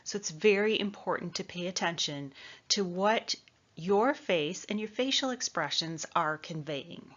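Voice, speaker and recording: A woman from the Midwest teaches presentation skills in a clear, measured coaching voice. Her voice sits a little low for a woman. The recording is somewhat dull and lo-fi. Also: expressive, a bit bright. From American Midwest. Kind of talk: instructional talk.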